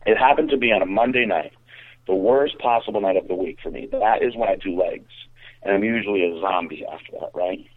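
Brief: low-pitched man, rambling profane storyteller, tinny phone-like audio. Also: brisk, no room sound. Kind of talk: casual anecdote.

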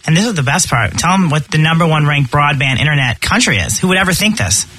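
A woman hosting a radio talk show in a chatty, excitable way. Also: sits low, fast talker, a little hiss or hum. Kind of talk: casual radio chat.

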